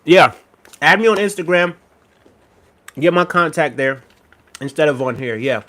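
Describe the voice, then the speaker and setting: A man's voice: fairly high pitch, lively intonation, a little slow, a bit bright. A young man casually chatting with his livestream viewers, rambling and laughing often as he reads their comments. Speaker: livestream host.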